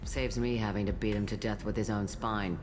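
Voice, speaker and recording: Deadpan tough club owner, very deep voice, distant, music behind. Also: female voice, a little fast. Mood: dry. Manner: dry, deadpan.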